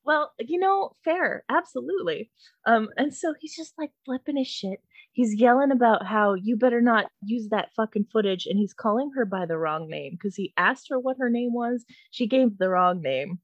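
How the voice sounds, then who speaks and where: A young woman from Canada telling a comedic story, animated and profane, often laughing. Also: on the high side, normal speed, no echo, lo-fi sound.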